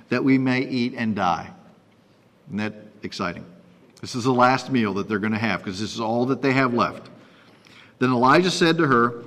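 A man giving a sermon and reading scripture aloud, breaking off for conversational asides to his listeners. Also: medium pitch. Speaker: preacher teaching from scripture. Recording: long reverb of a hall.

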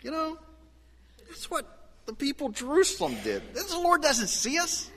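A man preaching a sermon as pastor, animated, his voice swinging from soft and low to loud and high. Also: moderate pace, in a large hall. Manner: animated preaching with wide swings of pitch and loudness.

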